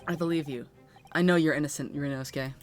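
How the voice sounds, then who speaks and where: A proud, ambitious young male law student, read aloud by a woman playing through a game on stream. He speaks a little low and quietly, with dry, self-assured understatement. Faint music plays underneath. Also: fairly even intonation, fast talker, natural voice. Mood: earnest.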